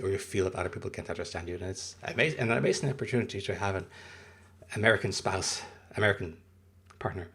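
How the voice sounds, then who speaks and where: A man in his thirties with a low, gravelly voice and a husky edge. He is not a native English speaker and rambles casually through a livestream, stopping to read and answer his chat. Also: a bit bright.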